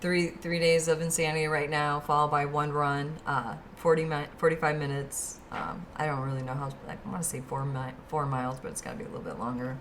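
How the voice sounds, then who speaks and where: A woman host chatting casually, hesitant and halting as she asks questions. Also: deep voice, level tone, fairly bright tone, slight background noise. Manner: hesitant, halting, many restarts and fillers. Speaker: podcast host. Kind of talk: casual chat.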